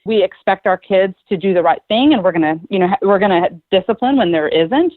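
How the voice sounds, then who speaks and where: A woman psychotherapist talks earnestly on a podcast as a guest, telling animated stories. Her voice is middle-pitched. The sound is thin and phone-like, with no room echo. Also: brisk. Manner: earnest, animated storyteller who acts out quoted people. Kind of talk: conversational podcast interview. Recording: tinny phone-like line, dry.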